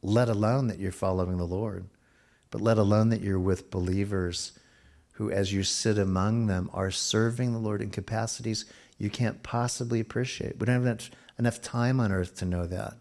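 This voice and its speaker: A middle-aged man preaching a sermon, slowing down for emphasis and dropping to a near hush at times. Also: on the low side, gravelly. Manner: expressive preaching, slows for emphasis and drops to a hush. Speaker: pastor.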